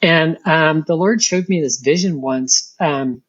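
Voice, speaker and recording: A woman's voice: low-pitched, unhurried, husky. A middle-aged woman, a guest on an interview show, telling her personal story and acting out her past rants as she goes. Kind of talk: personal testimony in conversation. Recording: dull lo-fi sound.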